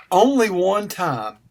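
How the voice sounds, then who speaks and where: Male vlogger with a Western North Carolina mountain accent, slightly hoarse, casual and meandering, with a voice pitched a bit high. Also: darkish tone. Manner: folksy and rambling, often clears throat. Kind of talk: casual talk answering a viewer question.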